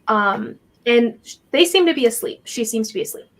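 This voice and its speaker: A woman's voice: fairly high pitch, lively intonation, a little fast. A woman narrating as game master, describing scenes with many fillers.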